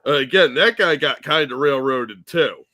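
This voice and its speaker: Co-host, man, bright tense tone, blunt and crude. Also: mid-range voice, normal speed. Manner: blunt, crude, sarcastic remarks. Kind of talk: casual podcast chat.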